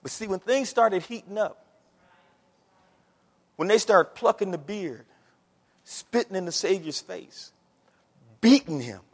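A male pastor preaches in a high, lively voice with wide pitch swings, speaking slowly with long pauses. He addresses the congregation directly in a loose, conversational way, and his voice echoes at length through the church hall.

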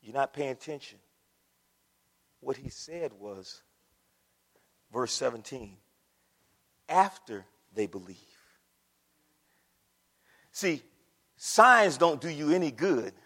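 A man's voice: fairly high pitch, animated, unhurried, long pauses. Fervent preacher man, echoey hall. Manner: fervent preaching with swings from hushed to loud; calls out to the congregation. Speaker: pastor. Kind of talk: sermon.

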